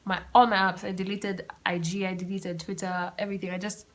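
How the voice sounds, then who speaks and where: A young woman hosting her own podcast, telling a story in a chatty, animated, self-mocking way. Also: mid-range voice, fairly quick. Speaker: podcast host. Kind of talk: casual solo storytelling. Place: room at home with the windows open.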